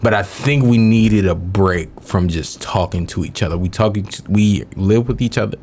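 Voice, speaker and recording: A man's voice: lowish voice, moderate pace, a little mellow, slight background noise. A young man co-hosting a podcast in casual, profane, joking banter. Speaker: podcast co-host.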